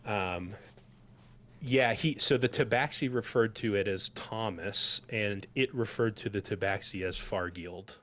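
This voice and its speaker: A man's voice: on the low side, measured pace, fairly bright tone. A man narrating a tabletop game as game master, rambling loosely with many fillers.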